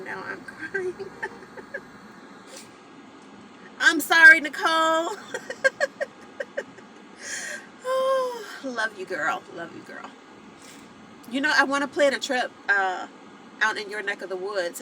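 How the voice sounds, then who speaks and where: A woman's voice: mid-range voice, bright, forceful tone, a little hiss or hum, rough recording. A woman in her forties hosting a live vlog broadcast, talking to her viewers in a heartfelt, rambling way. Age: 40s. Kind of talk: emotional live-stream chat with viewers.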